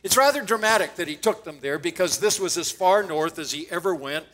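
A man's voice: high-pitched, expressive, fairly quick, fairly bright tone, low-quality recording. A man preaching a sermon in an earnest teaching manner, quoting scripture with occasional stammered restarts.

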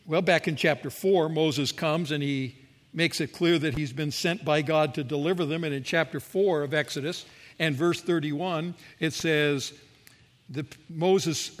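A male pastor preaches a sermon, retelling a story vividly and driving it home with emphatic rhetorical questions. His voice sits high for a man and carries a long reverb through a large church hall.

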